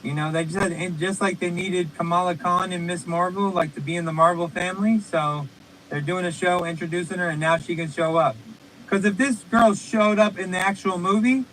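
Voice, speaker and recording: A man's voice: sits high, steady tone, a little fast, a bit bright, slight background noise, poor audio. A man hosting a casual, profane online stream chat, talking loosely and rambling. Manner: loose, rambling, swears freely. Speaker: podcast host. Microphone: remote stream call.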